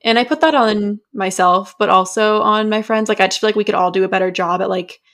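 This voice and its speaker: A woman's voice: medium pitch, fairly quick, fairly bright tone. A woman in her twenties, co-hosting a podcast in casual chat, talking freely with lots of "like". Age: 20s. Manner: chatty, frequent "like" fillers. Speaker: podcast co-host.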